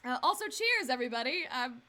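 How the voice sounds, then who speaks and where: A woman's voice: high voice, sing-song, fast, bright, forceful tone, slight background noise. A woman streamer giving casual, self-deprecating commentary while playing a game, laughing easily. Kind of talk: casual let's-play commentary. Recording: game music underneath.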